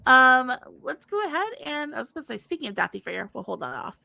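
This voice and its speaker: A woman co-hosts a casual livestream in a bright, gravelly voice that sits a bit high. She rambles cheerfully, apologizes as she goes and laughs easily, and the sound is close and dry. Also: big pitch swings, fairly quick, no echo. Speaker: livestream co-host.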